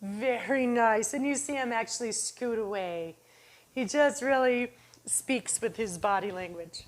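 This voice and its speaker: A woman dog trainer talks through a demonstration in a calm, encouraging way. She praises the dog softly and low, and now and then calls him in a high, excited voice. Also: unhurried.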